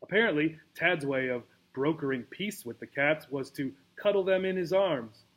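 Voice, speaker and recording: Teacher guy reading a kids' book, lively and expressive, kinda high voice. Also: normal speed. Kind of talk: storybook read-aloud.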